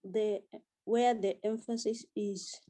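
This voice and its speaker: A woman student answers in a language class, hesitant and unsure of herself. Her voice is very dark and mellow, and she speaks slowly. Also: medium pitch, fairly even intonation.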